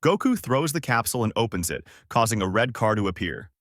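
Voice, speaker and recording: A man narrating a fan story and voicing all of its characters in an animated way. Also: fairly low pitch, fairly quick, dry recording, clean studio sound. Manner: animated, jumps between character voices.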